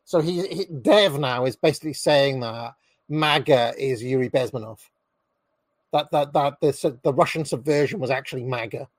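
A man's voice: mid-range voice, normal speed, no room sound. A man hosting a live political stream, reading out posts and mocking them sardonically.

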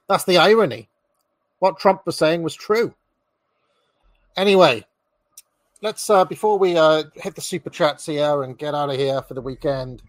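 A man's voice: fairly high pitch, dry recording. A man hosting a live political stream, reading out posts and mocking them sardonically.

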